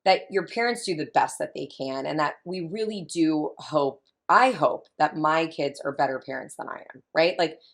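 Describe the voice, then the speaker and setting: Low, gravelly-voiced woman talking parenting. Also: moderate pace, few pauses. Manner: emphatic, chatty, repeats key points. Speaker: family consultant guest. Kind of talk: casual interview talk.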